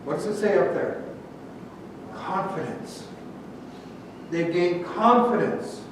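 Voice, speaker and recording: A high-voiced male pastor delivering a sermon, pausing on rhetorical questions and slowing down to stress key words. The sound is captured from a distant mic in a very echoey church, with a faint rumble underneath. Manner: rhetorical questions, slow emphatic phrasing, drops to a hush. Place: church sanctuary.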